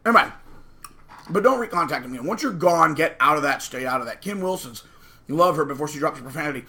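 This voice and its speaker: A man's voice: on the high side, lively intonation, fast, sharp tone. A man hosting his own channel, talking straight to the camera in an emphatic, sarcastic rant and acting out the voices he quotes. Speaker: channel host. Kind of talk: ranting monologue to camera.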